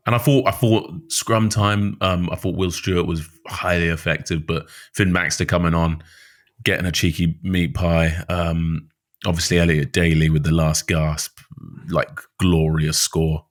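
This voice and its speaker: A man with a very deep voice co-hosting a casual rugby chat. His delivery is easygoing and filled with casual fillers as he breaks down the game. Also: flat delivery, unhurried. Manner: laid-back, says mate and like a lot. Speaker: podcast co-host.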